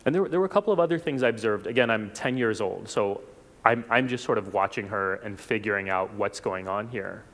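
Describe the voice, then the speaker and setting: A man from South Texas giving a reflective personal talk at a church forum, unhurried, with small restarts. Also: on the low side, fairly bright tone. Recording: long hall reverb.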